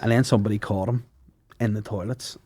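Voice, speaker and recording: A man's voice: on the low side, fairly even intonation, fairly quick, dark tone. A man with a Northern Irish accent, a podcast guest trading crude, laughing banter in casual chat.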